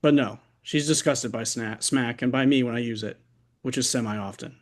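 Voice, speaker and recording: A man with a mid-range voice reads his own fiction aloud at an open mic held over a video call. His delivery is wry and deliberate.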